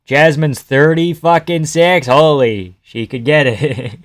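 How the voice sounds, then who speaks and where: A young man chatting casually and profanely on a live fight reaction stream, joking and yelling at the screen. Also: fairly high pitch, slow. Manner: excitable, profane, laughing, yells at the screen.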